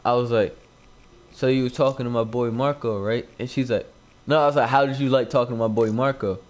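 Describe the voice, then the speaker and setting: A young man who makes gaming videos on YouTube is streaming live from home while he plays, telling a casual story into his new desk mic. His voice is medium in pitch, fairly even in intonation, and brisk. He rambles, leans heavily on "like," and performs the quoted lines.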